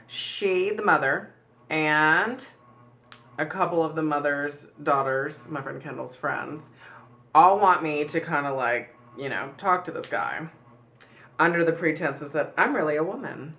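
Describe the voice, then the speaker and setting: A man's voice: fairly high pitch, lively intonation, measured pace, gravelly, sharp tone. A man chatting casually and candidly to camera as a vlogger, jokey and easily sidetracked. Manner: chatty, candid, jokey, drifts off mid-sentence.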